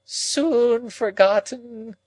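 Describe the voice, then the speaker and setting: A man doing a shrill, wailing old woman. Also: sing-song, slow pace, no echo, exaggerated voice, rough recording. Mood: moaning. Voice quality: shrill, quavering, moaning. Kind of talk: audiobook character reading.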